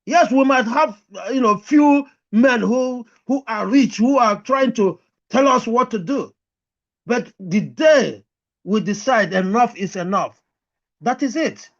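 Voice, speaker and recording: A man's voice: very high-pitched, lively intonation, measured pace, a bit bright, muffled recording. A man from Anambra State, speaking as a panelist in an online debate, earnest and firm. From Anambra State, Nigeria.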